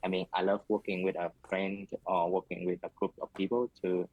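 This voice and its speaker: Guy with a deep flat voice doing a speaking test, kinda husky, hesitant. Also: brisk, lo-fi sound. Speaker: exam candidate. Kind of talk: answering speaking test questions. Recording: played back test recording.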